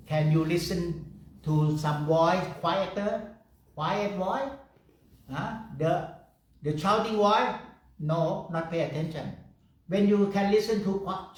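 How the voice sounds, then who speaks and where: A man's voice: sits high, slow. A man teaching a guided meditation in simple, broken English, laughing often and repeating phrases in a meditation room. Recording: echoey room, far from the mic.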